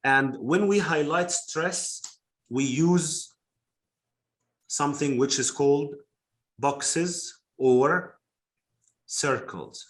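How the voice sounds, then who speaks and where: Man teaching with many fillers. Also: fairly high pitch. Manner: explains slowly with many fillers and repeats. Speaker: phonetics teacher. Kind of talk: live online class teaching.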